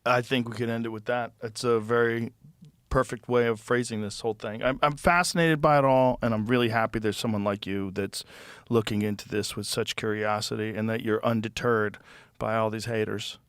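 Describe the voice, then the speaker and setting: A man's voice: medium pitch, steady tone, brisk, a bit bright, clear, resonant tone, dry recording. Interview host, male, laid-back and agreeable, dry sound. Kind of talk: conversational interview.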